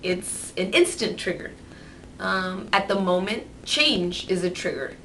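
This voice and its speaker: A woman vlogging candidly, rambling and swearing freely, turning lively when she mimics others. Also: medium pitch, measured pace, a little hiss or hum, rough recording. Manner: animated, mimics voices in quotes. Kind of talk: candid personal vlog.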